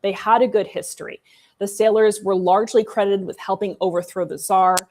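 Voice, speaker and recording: A woman's voice: mid-range voice, fairly even intonation, a little fast, a little mellow. A woman co-hosting a casual history discussion, chatty and irreverent, with sarcastic asides. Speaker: co-host.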